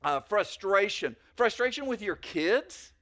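A man's voice: high-pitched, animated, measured pace, sharp tone. A man giving a sermon as a pastor, talking in a conversational way with fillers and stories. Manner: conversational preaching with anecdotes and fillers.

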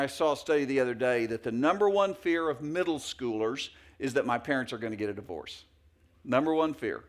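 A middle-aged male pastor preaching a sermon in a folksy, anecdotal way with many fillers and restarts. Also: a little high.

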